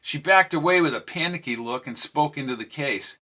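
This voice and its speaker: A man giving a steady, descriptive audiobook narration. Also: a little high, moderate pace, heavy background noise. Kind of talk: scripted narration.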